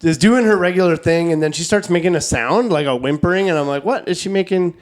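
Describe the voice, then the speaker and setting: This is a man co-hosting a comedy podcast and spinning a casual anecdote. His voice sits a little high for a man. He rambles, stacks up fillers and drops swear words as he goes. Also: fast. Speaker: podcast co-host.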